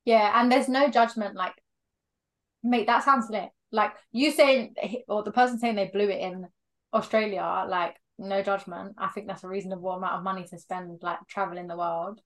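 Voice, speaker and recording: A woman's voice: medium pitch, fairly even intonation, normal speed. A young woman co-hosting a casual chat podcast, giggly and casual, using loose slang. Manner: giggly, casual slang, tired by the end of the week. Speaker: podcast co-host.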